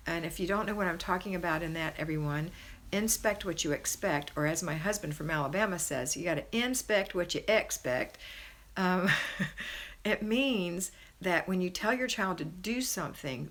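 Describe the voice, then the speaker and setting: Reading comments aloud on her homemaking live stream, a woman chats warmly, praising and encouraging viewers as her pitch jumps high with excitement.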